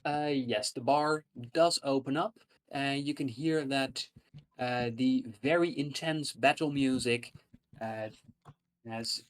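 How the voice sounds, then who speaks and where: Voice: medium pitch, slow pace. A game master narrating a tabletop game, hesitant with frequent fillers.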